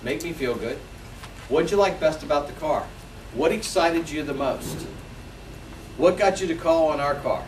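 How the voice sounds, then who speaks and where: A man's voice: fairly high pitch, moderate pace, pauses often, noisy background. A man in his forties, a sales trainer, leading a seminar and acting out customer phone calls with lots of energy. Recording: echoey room, mic from a distance.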